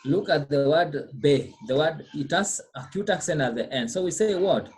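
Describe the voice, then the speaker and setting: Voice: medium pitch, moderate pace, a little mellow, husky. A teacher giving a French pronunciation lesson, drilling students and answering their own questions with "what?".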